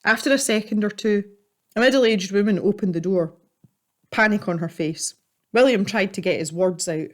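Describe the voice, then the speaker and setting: A woman calmly narrating a story while she paints. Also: medium pitch. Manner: calm, measured storytelling. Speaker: artist and storyteller.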